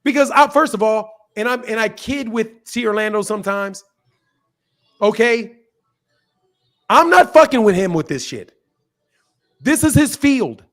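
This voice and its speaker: A man hosting a heated online debate, his voice pitched high and swinging widely as he hammers the same point again and again. He swears freely and cuts across the other speaker without letting up. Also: expressive, measured pace, long pauses, a bit bright. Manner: combative, repeats himself, swears, talks over the caller. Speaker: boxing channel host.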